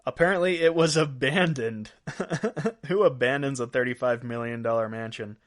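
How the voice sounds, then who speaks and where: A man hosts a podcast of odd news, talking casually through each story. He breaks into laughs at his own jokes, and his voice sits at an ordinary middle pitch. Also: normal speed. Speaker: podcast host.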